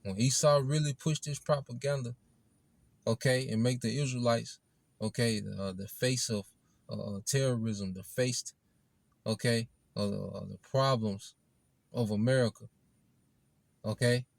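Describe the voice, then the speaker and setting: A man preaching an informal sermon in a blunt, rough-edged way, often tagging his lines with "man" and "okay". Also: mid-range voice, steady tone, a little slow, long pauses, no echo. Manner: rough-edged, swears casually.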